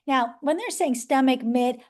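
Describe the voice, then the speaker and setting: A woman's voice: high voice, normal speed, a little mellow. A woman teaching a live seminar to a room of people, chatty, making joking asides and often tagging "right?". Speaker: workshop presenter teaching sales skills.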